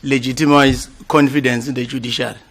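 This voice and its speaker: A man on a formal interview panel, putting deliberate questions as a commissioner. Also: mid-range voice, little pitch movement, fairly bright tone.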